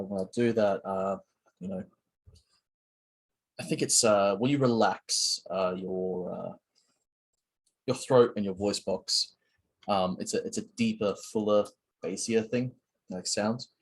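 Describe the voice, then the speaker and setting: This young channel host talks slowly with long pauses, his low-leaning voice fairly even in intonation. Sore-throated, he rambles through a casual solo chat as he builds, self-mocking and full of fillers and restarts.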